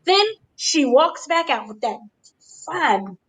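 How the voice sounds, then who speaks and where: A woman hosting a casual wrestling review, animated and acting out the quotes with gasps and shrieks. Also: high voice, slow. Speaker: show host. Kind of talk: casual wrestling recap chat.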